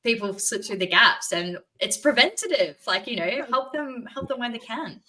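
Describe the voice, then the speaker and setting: A woman's voice: fairly high pitch, animated, normal speed, pushed and bright. A woman speaking passionately and with frustration as a guest on a podcast, swearing as she talks. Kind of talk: casual conversation.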